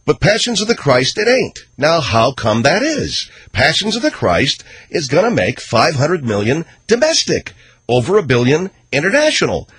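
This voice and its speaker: A man hosting a talk radio show, giving opinionated commentary in a ranting, sarcastic way. He swings between loud outbursts and low mutters. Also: wildly swooping pitch, moderate pace, breathy edge, no echo.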